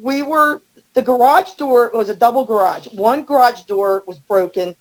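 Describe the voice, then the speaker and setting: A middle-aged woman telling a story as a podcast guest, animated and acting out the quotes. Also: moderate pace, poor audio. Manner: animated, acts out quotes with rising pitch. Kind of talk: storytelling in casual chat.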